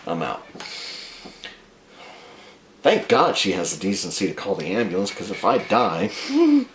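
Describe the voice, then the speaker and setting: A man telling a dark, comic story about himself in a crude, profane, rambling way. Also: deep voice, very animated, unhurried, vocal fry, roomy sound, slight background noise.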